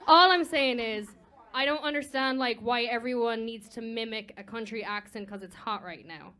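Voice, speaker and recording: A woman's voice: a little high, moderate pace, bright, forceful tone. A woman judging a live singing competition, joking and blunt, rambling through her critique with frequent restarts. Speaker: competition judge and singing teacher. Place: live performance venue.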